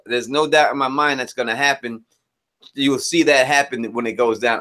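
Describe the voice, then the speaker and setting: A man co-hosting a live-stream review show, talking casually in a laid-back way and shouting out viewers in the chat. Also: mid-range voice, steady tone, moderate pace.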